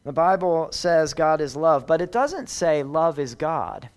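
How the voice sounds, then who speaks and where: A man preaching a sermon, measured and emphatic, repeating words for stress. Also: a little high, lively intonation, smooth.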